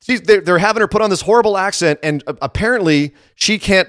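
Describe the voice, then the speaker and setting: A man's voice: high voice, fast talker, few pauses, fairly bright tone, dry recording, clean studio sound. Opinionated man co-hosting a wrestling show. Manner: opinionated, sarcastic. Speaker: wrestling podcast co-host. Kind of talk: casual chat.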